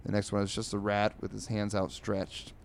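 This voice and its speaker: A man's voice: lowish voice, completely flat delivery, gravelly. A man hosting a comedy podcast, reading newspaper comics aloud with rambling, sarcastic asides. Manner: does quick voices for characters. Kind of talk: casual comic reading with commentary.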